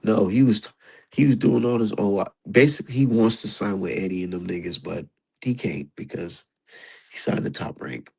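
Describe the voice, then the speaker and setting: Male streamer, low gravelly voice, husky edge, loose profane live commentary. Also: normal speed, poor audio. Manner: profane, animated, talks to chat.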